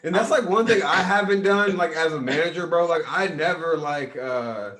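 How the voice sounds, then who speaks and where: A man hosting a casual chat, talking haltingly with many fillers. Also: on the high side, fairly bright tone. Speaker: podcast host.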